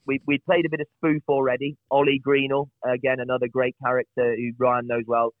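A man's voice: mid-range voice, level tone, a little fast, no echo. Man telling stories over a phone line. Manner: chatty, self-deprecating, lots of restarts. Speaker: guest. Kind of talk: casual storytelling on a podcast. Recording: tinny phone-like line, dry.

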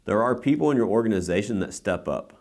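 A man with a very low voice chats casually on a podcast, recounting a conference with easy enthusiasm. He talks loosely and circles back often, leaning on fillers as he goes. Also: expressive, fast talker, darkish tone. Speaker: podcast co-host.

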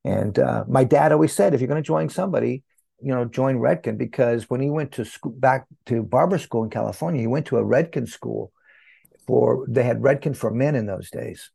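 Gravelly older man telling stories. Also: medium pitch, fairly quick, dry recording. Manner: animated storyteller who acts out quoted dialogue. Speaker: guest, hair educator. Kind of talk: storytelling interview.

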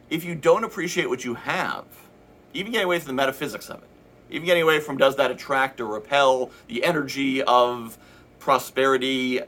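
A man's voice: mid-range voice, a bit bright. A middle-aged man giving his team a conversational motivational talk, earnest, sometimes acting out what an inner voice might say. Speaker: team leader giving an update.

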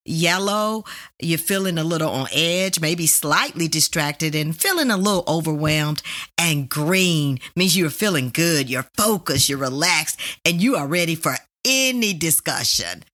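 Bright-voiced woman explaining a tool. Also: low-pitched, animated, a little slow. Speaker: podcast host. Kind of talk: faith-based couples talk.

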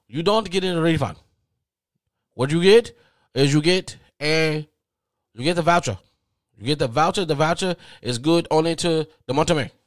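A man's voice: a little high, no echo, studio quality, pitched above the performer's own voice, lightly acted. A man voicing a curt customer service phone agent in a put-on accent, clipped and impatient with the caller.

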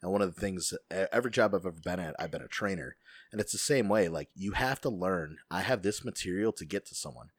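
A man telling stories in a casual chat, profane and animated, acting out the people he quotes. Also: low voice, quick pace, breathy edge, dry recording, clean studio sound. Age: adult, school friend of co-host.

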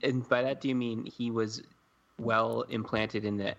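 A man's voice: medium pitch, level tone, measured pace, creaky, fairly bright tone, lo-fi sound. A man with an everyday mid-range voice chats on a podcast. He asks follow-up questions and tosses in quips. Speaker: podcast co-host. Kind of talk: casual chat.

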